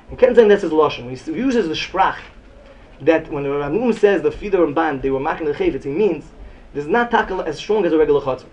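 A man giving an excited Talmud lecture. He repeats phrases often and mixes Yiddish and Hebrew terms into his English. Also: on the high side. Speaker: Talmud teacher.

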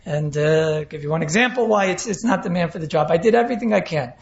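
Animated man teaching in an echoey room. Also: on the high side, fast talker. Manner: animated, mixes Yiddish and Hebrew terms, repeats key phrases. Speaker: Torah teacher. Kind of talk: Torah class lecture. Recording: echoey room, dull lo-fi sound.

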